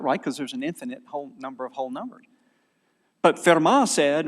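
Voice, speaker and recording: A man with a Southern American accent giving an animated, digressive conference lecture, often correcting himself mid-sentence. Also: a little high. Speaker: conference speaker. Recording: long hall reverb.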